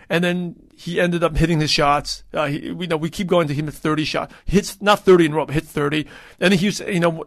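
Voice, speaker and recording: Chatty high-voiced man, dry close sound. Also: a bit bright, dry recording. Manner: chatty, rambling, with many restarts and fillers. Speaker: podcast host. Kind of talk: casual solo podcast talk.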